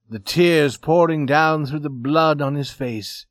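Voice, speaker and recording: A man reading a story aloud as narrator, steady and expressive. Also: a little high, takes it slowly, few pauses, no echo, clean studio sound.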